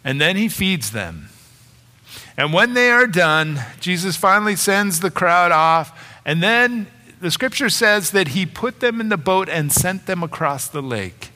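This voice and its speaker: A middle-aged male pastor preaching a sermon, retelling a story and growing animated in the dramatic parts. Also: high-pitched, a little slow. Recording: long hall reverb.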